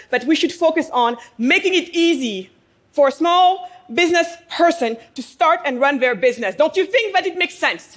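A woman business owner giving a passionate speech to a live audience in a room. She fires rhetorical questions, prompts listeners to answer, and stresses her points with pauses. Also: high voice, a bit bright. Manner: emphatic, with pauses for effect.

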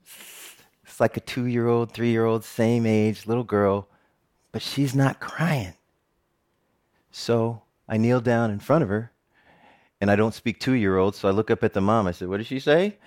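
A man's voice: on the low side, measured pace, clean tone. A middle-aged man, a TV presenter, giving a personal storytelling talk with jokes and frequent laughter. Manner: animated, jokey storyteller who laughs often.

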